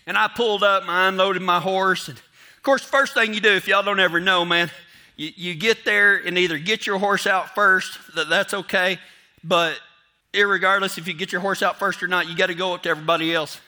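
Man, higher-pitched, very bright tone; rambling self-mocking storyteller who plays out his own inner voice. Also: fairly even intonation, fairly quick. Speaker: storyteller speaking to an audience. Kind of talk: casual storytelling.

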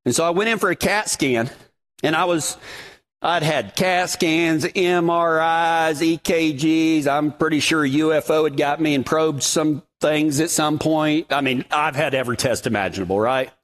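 A man's voice: fairly high pitch, normal speed, fairly bright tone. A man preaching a sermon, telling his own story in a folksy, dramatic way.

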